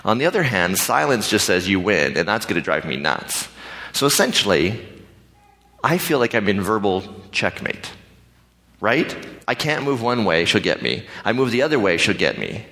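A pastor telling a personal story in a conversational, animated way, acting out the other people's lines. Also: male voice, on the low side, normal speed. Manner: animated, conversational, acts out dialogue. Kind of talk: storytelling sermon. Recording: reverberant hall.

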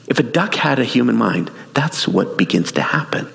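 Man preaching, gravelly voice, animated storytelling, long hall reverb. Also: medium pitch, moderate pace, hardly any pauses. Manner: animated, laughing storyteller with restarts. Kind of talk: sermon storytelling.

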